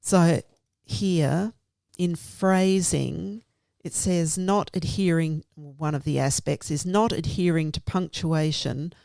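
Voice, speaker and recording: Woman teacher explaining things step by step, lowish voice, slow. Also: gravelly, dark tone, no room sound, clean studio sound. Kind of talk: professional conversation about teaching.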